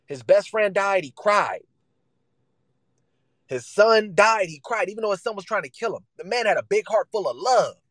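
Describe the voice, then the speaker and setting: Animated, emphatic male preacher. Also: high voice, normal speed, no room sound, poor audio. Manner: animated, emphatic preaching in casual vernacular, acting out quoted voices. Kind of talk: sermon.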